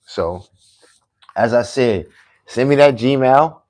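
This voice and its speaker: A man's voice: medium pitch, animated, slow, a little mellow. A man hosting his own podcast in a combative, boastful live-stream talk, taunting and challenging his critics to debate. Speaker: podcast host.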